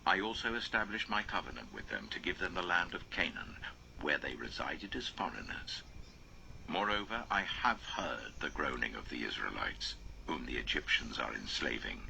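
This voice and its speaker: A man reading scripture aloud in a slow, solemn way, his voice often sinking to a near whisper. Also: a bass voice, big pitch swings, creaky, background noise.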